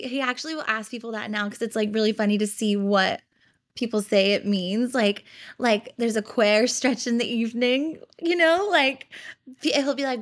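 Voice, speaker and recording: A woman in her twenties telling stories in a casual podcast chat, chatty and giggly, with lots of fillers. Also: a little high. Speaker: podcast host.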